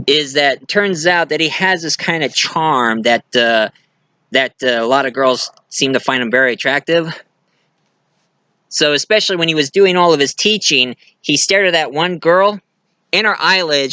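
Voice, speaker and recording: Male movie reviewer, chatty and rambling, bright voice, dry close sound. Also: fairly high pitch, clean tone, dry recording. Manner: rambling, chatty, many restarts, laughs at own jokes. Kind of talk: casual film review monologue.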